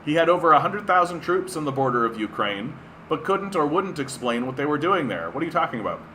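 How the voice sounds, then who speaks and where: A man's voice: a little high, animated, brisk, bright, forceful tone, a little hiss or hum. A man from Canada streaming political commentary, reading an article aloud and breaking off into sarcastic, profane rants. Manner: sarcastic, profane, ranting, heavy use of "right?".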